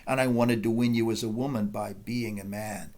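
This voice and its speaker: A man's voice: lowish voice, steady tone, normal speed, a little mellow, pitched below the performer's own voice, close to an everyday voice. A man reading aloud the lines of an anguished, middle-aged male army captain in a play. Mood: pleading. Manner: reads quotes aloud.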